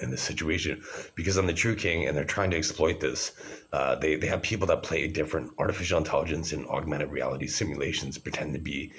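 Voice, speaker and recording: A man's voice: rumbling low, a bit bright, a little hiss or hum. A man in his forties talking to camera in an agitated, rambling, profane monologue. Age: 40s.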